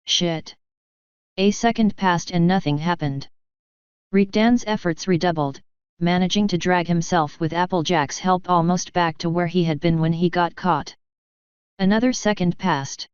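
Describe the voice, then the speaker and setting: Smooth low-voiced woman narrating a story. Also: no echo. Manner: measured, dramatic narration. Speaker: fanfiction reader. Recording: slightly dull lo-fi recording.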